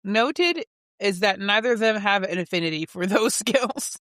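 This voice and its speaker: A woman hosting a podcast, recapping a book's plot in a deadpan way and often breaking into giggles. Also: mid-range voice, normal speed, dry recording, studio quality. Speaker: podcast host summarizing a book. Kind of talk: casual chat.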